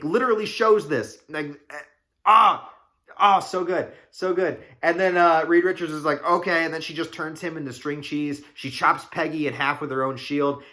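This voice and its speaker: Speaking on the high side, a young man with a bright, forceful voice gets worked up over a movie in a loose spoiler review. He wanders along with plenty of fillers and swearing, addressing his audience directly.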